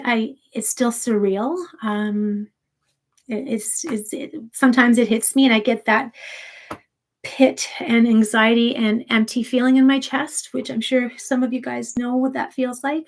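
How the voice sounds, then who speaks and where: A woman hosting a livestream, chatting casually with viewers in a soft, rambling way, grieving and holding back tears. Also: on the high side. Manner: soft-spoken, rambling with many restarts. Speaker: sleep story channel host.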